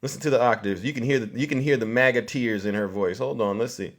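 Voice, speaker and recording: A man's voice: medium pitch, fast. A man hosting a live stream, giving mocking, theatrical commentary and talking straight to his chat.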